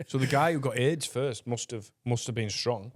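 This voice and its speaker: A man co-hosting a comedy podcast, firing blunt deadpan questions. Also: mid-range voice, normal speed, no echo. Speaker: podcast co-host. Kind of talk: crude comedy podcast banter.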